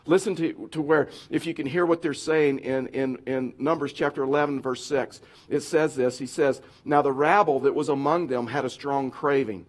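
A middle-aged man preaching as a pastor, lively and conversational, now and then acting out whiny complaining voices. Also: medium pitch, normal speed, hardly any pauses. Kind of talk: sermon.

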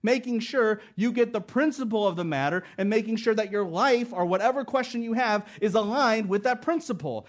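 A middle-aged man delivering a sermon from the pulpit in an earnest, emphatic way. His voice sits a little high for a man, and he stacks phrase on phrase to drive each point home. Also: expressive, a little fast, few pauses. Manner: earnest and emphatic, building through repeated phrases. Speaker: preacher. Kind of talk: expository sermon.

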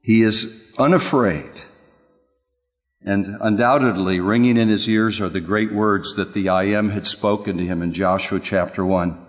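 A man preaching a sermon, swinging from loud, rising exclamations down to hushed, quiet passages. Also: lowish voice, fairly even intonation, measured pace. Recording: long hall reverb.

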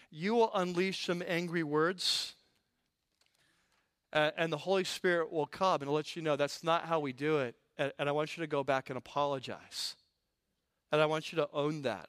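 A high-pitched male pastor delivers a sermon in a lively, comic storytelling manner. His voice is close and dry, with no echo around it. He leans into the punchlines with animated energy.

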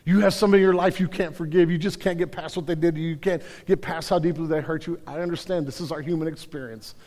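A man's voice: a little high, fairly even intonation, fast talker, darkish tone. A man preaching a passionate sermon to a congregation, building to emphatic peaks. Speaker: pastor. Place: church sanctuary. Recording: hall reverb.

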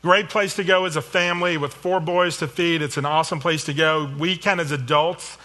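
A man's voice: on the high side, steady tone, fairly quick, pushed and bright. A middle-aged man giving a sermon, conversational and self-deprecating, with storytelling asides. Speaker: pastor.

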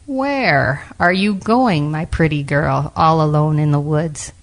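A sly big bad wolf from a storybook, as a woman reading aloud puts him on. He draws out his words slowly and sweetly, with a false politeness. The voice sits low and a little gruff.

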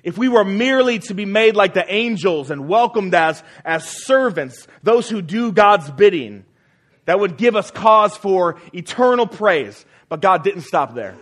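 A man preaching a sermon as pastor, earnest and fond of repeating phrases for emphasis, letting his voice fall soft at the ends of sentences. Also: sits high, lively intonation, a little slow.

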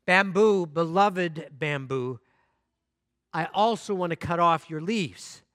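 Casting: grave, tender male garden master, clear and dry, voiced by a man in a sermon story. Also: fairly high pitch, a bit bright, no room sound. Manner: grave and slow, with tender address.

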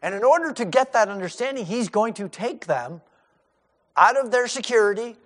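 A man's voice: high-pitched, animated, normal speed, fairly bright tone. A middle-aged male pastor giving a sermon in a conversational way, acting out the lines of the disciples.

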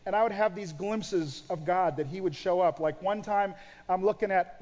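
Male pastor, middle-aged, high voice, storytelling sermon, echoey hall, muffled sound. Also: moderate pace, darkish tone. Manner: storytelling, acting out his own past prayers. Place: church auditorium. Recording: dull sound in a large reverberant church hall.

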